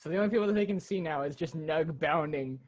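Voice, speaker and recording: Player, mid-pitched, wry and easygoing, noisy recording with clicks. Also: fast talker. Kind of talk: tabletop game play. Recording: noisy line.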